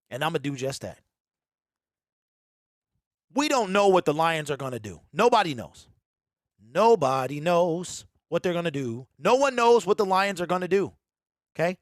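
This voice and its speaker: A man with a fairly high voice delivers an animated sports talk monologue. He hammers his points with repetition, and the recording is dry and close. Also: no room sound. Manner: emphatic, repeats lines, mocking quoted voices. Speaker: sports show host.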